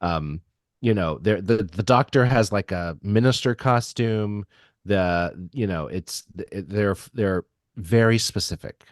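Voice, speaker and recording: A man chatting casually as a podcast co-host. He hesitates a lot and restarts his sentences. His voice sits low and sounds dry and close to the mic. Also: slow, no room sound. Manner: hesitant, many ums and restarts. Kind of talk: casual chat.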